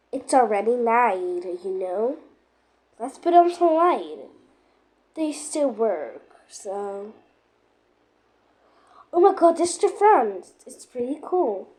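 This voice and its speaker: Lady with a high voice doing a dramatic little game story, gets all worked up, talks slow. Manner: excitable, dramatic, lots of exclamations. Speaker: game role-play narrator. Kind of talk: playful voiced role-play of a game story.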